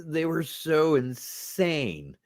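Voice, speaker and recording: A man chatting through a movie review with a friend, retelling his favorite moments between bursts of laughter. His voice sits slightly high and leaps around a lot, and he swears casually. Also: sing-song, very slow. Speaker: podcast co-host.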